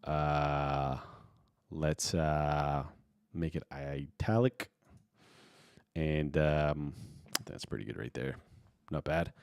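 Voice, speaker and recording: A man giving a casual software tutorial, thinking aloud and filling pauses with ums and you knows. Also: rumbling low, clear, resonant tone, dry recording, studio quality. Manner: relaxed, thinking aloud with many fillers. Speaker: video editing tutor. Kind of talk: casual screen-recorded tutorial.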